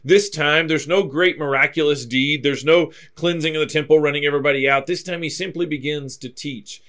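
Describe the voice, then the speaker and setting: A man's voice: on the high side, a little fast. Man teaching a verse-by-verse Bible class. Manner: explanatory, steady, reads scripture aloud then comments.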